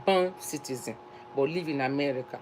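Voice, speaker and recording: A woman's voice: a bass voice, brisk, a little mellow, a little hiss or hum, low-quality recording. A woman from Nigeria with a Nigerian accent, hosting a casual live stream chat and talking in a chatty, repetitive, emphatic way.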